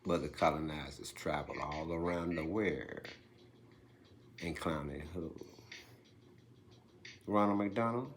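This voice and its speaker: Deep, slow man firing rhetorical questions. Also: slight background noise. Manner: fires off rhetorical questions, swinging between loud bursts and hushed whispers. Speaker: speaker delivering a monologue. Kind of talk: preachy rhetorical monologue.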